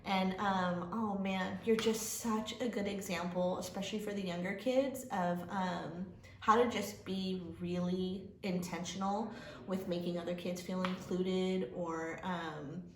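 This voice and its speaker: A woman gives heartfelt end-of-year praise to her students, warm and emotional, laughing and getting choked up. Her voice is on the low side, steady and a little slow, recorded in an echoey room with faint noise.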